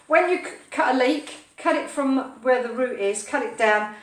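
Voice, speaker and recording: A woman's voice: high voice, normal speed, roomy sound, recorded from a distance, slight background noise. A woman hosting a casual live cooking stream from her home kitchen, chatting playfully with viewers as she cooks. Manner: chatty, playful, sing-song asides. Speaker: cooking show host.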